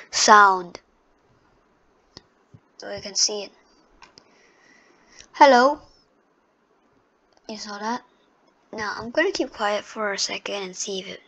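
A woman's voice: mid-range voice, measured pace, pauses often, sharp tone, dry recording. A woman giving a casual screen-recorded tutorial into her computer microphone, chatty and unpolished, with many fillers and restarts. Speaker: tutorial host.

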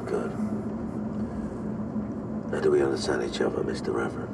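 A gravelly, menacing village boss. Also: male voice, rumbling low, fairly even intonation, exaggerated voice. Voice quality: gravelly, threatening. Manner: blunt, profane, slow and deliberate. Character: menacing older man, foul-mouthed village boss. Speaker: local boss who owns the village. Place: inside a car. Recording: distant voice over loud car noise.

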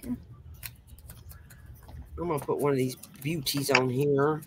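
A woman's voice: rumbling low, steady tone, takes it slowly, background noise. A woman hosting a casual crafting chat, talking as she works and tossing in folksy exclamations. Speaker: host.

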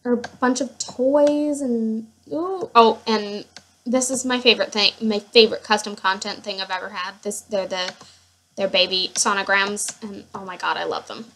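A woman with a medium-pitched, fairly bright voice speaks at a moderate pace while giving casual gameplay commentary. She gushes and rambles with many fillers as she shows off her household, with slight background noise present.

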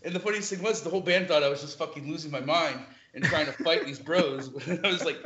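Man, guest musician, raised pitch, profane, animated, echoey lo-fi room. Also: quick pace, slight background noise. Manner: profane, animated, laughs often. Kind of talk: casual storytelling.

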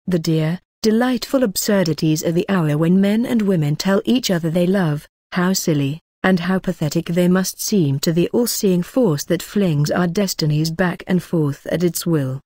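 Woman audiobook narrator, measured and lyrical, lowish voice, dry close recording. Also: warm tone, no room sound.

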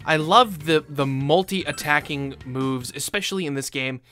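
A woman hosting a let's play, giving casual gameplay commentary in an expressive, jokey way and getting spooked easily. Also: low-pitched, normal speed, faint music behind.

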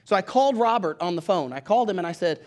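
High-voiced preacher. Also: male voice, quick pace. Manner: conversational and animated, with restarts and acted-out dialogue. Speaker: pastor. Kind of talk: storytelling sermon.

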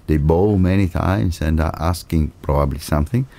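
An Italian-accented man with an extremely low, deep voice, telling a long story as a podcast guest. He is a lively raconteur who acts out the dialogue and often breaks into laughter. His English carries the rhythm of a native Italian speaker. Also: moderate pace, vocal fry, a little hiss or hum. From Italy. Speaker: martial arts teacher, podcast guest. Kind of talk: casual storytelling interview.

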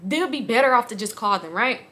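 A young woman vlogger telling a personal story in a candid, animated way, swearing freely. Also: a little high, a little fast.

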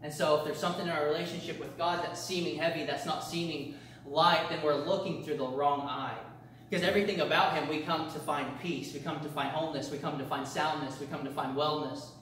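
A man's voice: a little high, steady tone, fairly quick, a bit bright, slight background noise. A male pastor teaching a church discipleship class, earnest and repetitive, often restarting his phrases. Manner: earnest, repetitive preaching cadence with frequent restarts. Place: church meeting room. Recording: very echoey room, mic far off.

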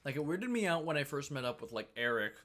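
A man's voice: on the high side, sing-song, fast, fairly bright tone. A man co-hosting a podcast in casual chat, talkative, swearing freely and slipping into silly voices. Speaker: podcast co-host.

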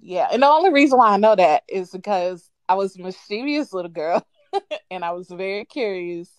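A woman calling in to a live show, casually telling a childhood story with lively quoted voices and frequent laughs. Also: medium pitch, moderate pace, dry recording. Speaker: caller. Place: at home on a live call. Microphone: phone.

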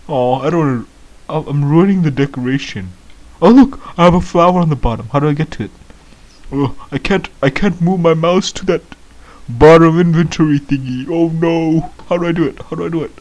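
A man giving excitable, baffled gameplay commentary as a first-time gamer, laughing often. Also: fairly high pitch, fairly quick, muffled recording.

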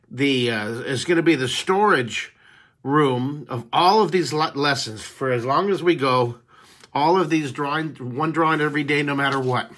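This man's voice sits at medium pitch with a sharp edge to it. As a show host teaching drawing live, he sketches while talking to his audience in a chatty, upbeat way and replying cheerfully to what they comment.

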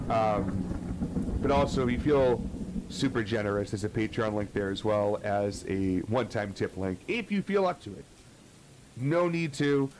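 A man's voice: lowish voice, background noise. A young man streaming a horror game, chatting casually and swearing, greeting viewers as he plays. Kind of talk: live gameplay commentary.

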